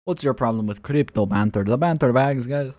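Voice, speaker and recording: On his casual crypto livestream, a man fields viewers' questions, addresses them directly, and often calls them guys. His medium-pitched voice is brisk and a little mellow, and he sometimes lapses into a mocking rant with scoffing laughs.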